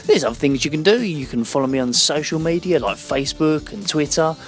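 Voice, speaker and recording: Male narrator, storybook reading, higher-pitched, lively. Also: a little fast, faint music behind. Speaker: video narrator and channel host.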